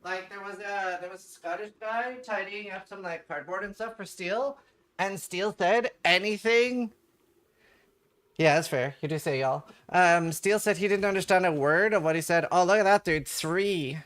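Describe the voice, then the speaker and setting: This streamer's voice sits high and fairly bright, moving at a normal speed. He chats and jokes with his viewers during his game, reading their messages out and responding.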